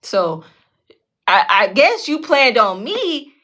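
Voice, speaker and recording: Speaking slowly in a voice on the high side, a woman who hosts a tarot channel tells a story from her own life. The monologue is animated, casual, blunt and full of profanity, with frequent check-ins with listeners and impressions of the others in the story.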